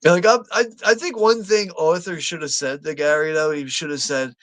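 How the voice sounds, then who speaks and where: A man's voice: a little high, normal speed, dry recording. A man hosting a live movie watch party, talking casually, swearing freely and laughing a lot. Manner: profane, laughs often.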